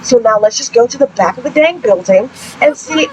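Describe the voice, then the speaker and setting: A woman's voice: on the high side, expressive, fairly quick, highs cut off, a little hiss or hum, close to an everyday voice. Woman doing a blunt, tough young heroine. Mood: determined. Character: bold young woman rescuing a friend.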